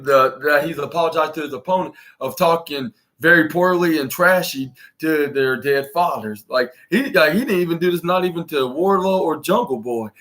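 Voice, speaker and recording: A man's voice: fairly high pitch, pushed and bright. A man hosting a podcast, recapping a show in a casual, rambling way with lots of fillers and restarts. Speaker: podcast host.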